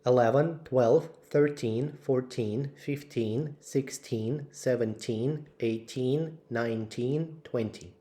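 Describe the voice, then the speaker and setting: A man slowly reading out English vocabulary lists for learners, word by word with clear pauses. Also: mid-range voice, dark tone. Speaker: English teacher. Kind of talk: slow vocabulary drill.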